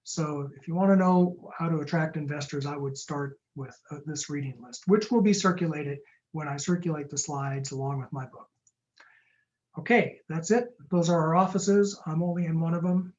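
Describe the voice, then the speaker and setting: Fast-talking jokey man on a webinar. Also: on the high side, a little mellow, lo-fi sound. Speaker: startup lawyer presenting a webinar. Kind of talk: webinar talk with Q&A. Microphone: video call.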